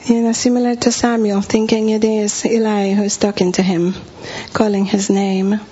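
A woman's voice: medium pitch, little pitch movement, moderate pace, dark tone, slightly rough. A woman preaching in a storytelling style, acting out the lines she once said. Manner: vivid storytelling, acting out her own quoted words. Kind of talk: sermon storytelling. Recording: dull lo-fi recording with faint hum.

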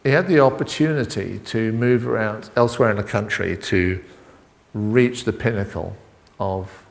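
Low gravelly preacher in a hall. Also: male voice. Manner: halting, full of restarts and asides. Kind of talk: informal sermon with congregation back-and-forth. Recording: long reverb in a hall.

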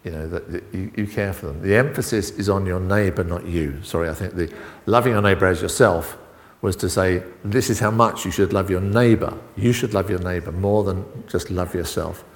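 A middle-aged man preaching an informal sermon, halting and full of restarts and asides as he talks with the congregation. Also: low-pitched. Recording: long reverb in a hall.

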